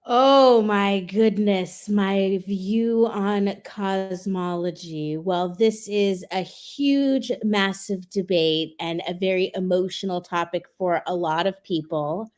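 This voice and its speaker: A woman in her thirties, a guest on a show, telling stories in a chatty, animated way. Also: lowish voice, slow pace, hardly any pauses. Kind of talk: casual interview chat.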